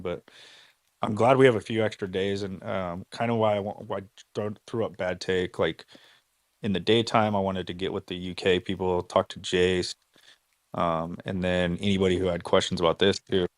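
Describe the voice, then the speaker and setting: A man hosting a casual live audio chat, excitable and slangy, laughing often. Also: low-pitched, moderate pace, dry recording. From United States. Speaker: host.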